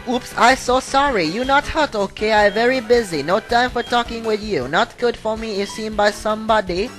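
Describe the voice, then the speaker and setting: A jittery crook babbles in broken English with a put-on foreign accent, as a man voices him in a game playthrough. The voice sits far above his normal talk and comes out sharp and fretful. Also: sits high, moderate pace, soft background music, voice pushed up. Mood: flustered. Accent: put-on vague foreign accent.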